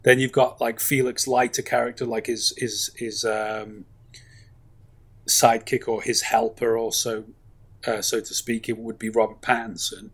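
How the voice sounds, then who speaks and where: A man's voice: medium pitch, little pitch movement, unhurried, fairly bright tone, husky. A man, chatting casually about films in a rambling, enthusiastic way with plenty of fillers. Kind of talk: casual film chat.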